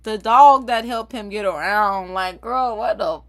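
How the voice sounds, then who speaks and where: A woman's voice: mid-range voice, unhurried, low-quality recording. A woman, chatting casually and animatedly on a livestream. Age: 30s. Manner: animated, swearing, laughing between stories. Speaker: livestream host. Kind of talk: casual gossip chat.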